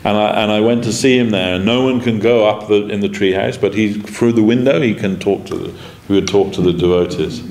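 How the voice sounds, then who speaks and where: A spiritual teacher talks fairly quickly with hardly any pauses, his fairly low voice a little mellow, while telling stories in a casual devotional class, acting out quoted lines and chuckling. The temple lecture room is echoey, with faint noise behind him.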